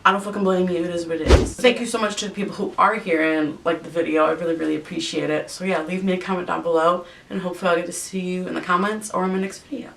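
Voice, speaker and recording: A young woman vents in a profane, exasperated rant while she does her makeup for a vlog. Her voice is low and gravelly. She sits a little back from the camera mic, with a faint rumble underneath. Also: fairly even intonation, quick pace, few pauses, distant mic. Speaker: vlogger.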